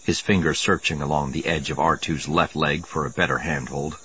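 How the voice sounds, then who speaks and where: A man narrating an audiobook with a measured, expressive reading. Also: rumbling low, very noisy. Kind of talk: scripted narration.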